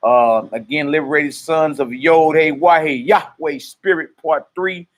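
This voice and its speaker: A man running a ministry livestream, greeting viewers one after another in loose, easygoing street slang. His voice sits fairly high for a man. In the prayer he calls out each line loudly so the room can repeat it. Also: a little slow. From United States. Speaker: minister leading a live-streamed teaching. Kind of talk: casual shout-outs and call-and-response prayer leading.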